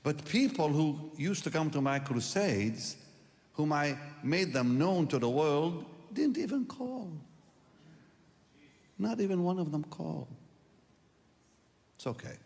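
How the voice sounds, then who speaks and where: An older man preaching a personal testimony, telling the story with strong emotion and moving between hushed and loud moments. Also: fairly high pitch, animated, takes it slowly, gravelly, long pauses. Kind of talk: testimony sermon. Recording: long hall reverb.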